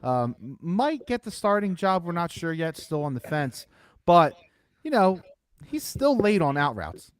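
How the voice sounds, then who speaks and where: A man's voice: fairly high pitch, sing-song, a little slow. A man co-hosting a sports podcast, chatting casually with a Philadelphia accent, hedging and laughing easily. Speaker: podcast co-host.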